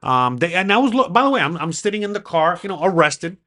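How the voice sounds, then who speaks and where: A man vlogging, telling a story to camera in an excitable way, swearing freely and acting out what people said. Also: sits high, fast talker. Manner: excitable, swearing, acts out the quoted dialogue.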